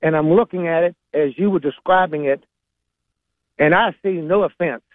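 A man with a Virginia Southern accent phoning into a talk show, blunt and opinionated. His voice sits slightly high. He comes through a thin, tinny phone line with a dry sound. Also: normal speed, dry recording. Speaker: caller. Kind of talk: phone-in call.

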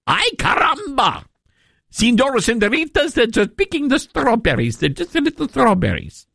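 A man puts on a sing-song, mocking caricature of a congressman, pitched well above his normal talk and lurching up and down in tone. The voice sounds a little removed in timbre from his everyday voice. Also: wildly swooping pitch, moderate pace, vocal fry, bright, forceful tone, no echo, clean studio sound, exaggerated voice. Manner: exaggerated, sing-song mockery.

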